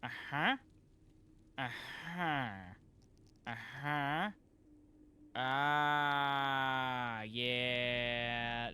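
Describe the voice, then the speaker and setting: A man giving casual gameplay commentary, excitable and self-mocking, with lots of fillers and sudden yelps. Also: mid-range voice, very slow, long pauses, clean tone. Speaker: gameplay youtuber. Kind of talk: casual let's play commentary.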